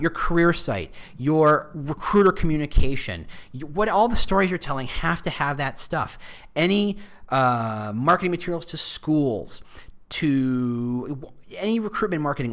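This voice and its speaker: A man talks through his ideas in a casual, animated way, his pitch jumping up and down as he makes each point. He sounds like a podcast host thinking out loud, mid-range in pitch, with quick asides. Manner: animated, conversational marketing explainer. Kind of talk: casual explanatory chat.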